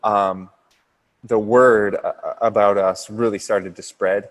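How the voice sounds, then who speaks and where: Earnest low-voiced man, flat and steady. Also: slow. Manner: earnest, steady, with frequent ums and restarts. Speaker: pastor starting a new church campus. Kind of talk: casual podcast interview.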